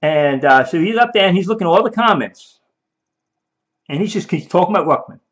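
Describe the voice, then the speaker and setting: In rambling, emphatic video commentary, a man repeats and restarts himself and mock-quotes the people he argues against. His voice sits high and sounds animated and fairly bright, moving at a fairly quick clip. The audio is dull and lo-fi.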